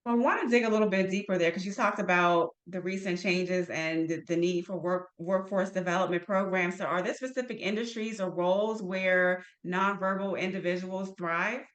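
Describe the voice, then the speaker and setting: A woman podcast host asking measured, probing interview questions. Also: fairly low pitch, fairly even intonation.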